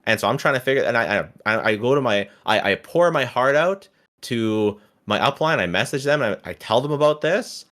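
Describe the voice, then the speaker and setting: A man in his thirties telling a personal story in casual conversation, halting and restarting, sometimes acting out what others said. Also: mid-range voice, lively intonation, a bit bright. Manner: halting, restarts often, acts out quoted people. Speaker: guest.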